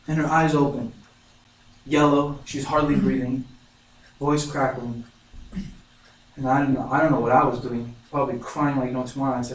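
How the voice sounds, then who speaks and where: A man's voice: mid-range voice, fairly even intonation, normal speed, pauses often. A young man giving an earnest, emotional narrative speech, telling a personal story. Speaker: student speaker. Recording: echoey room, mic far off, faint noise.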